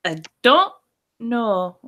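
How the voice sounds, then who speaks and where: A woman's voice: fairly high pitch, sing-song, very slow, fairly bright tone. A woman co-hosting a podcast, talking bluntly and laughing easily in casual news chat. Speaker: podcast co-host.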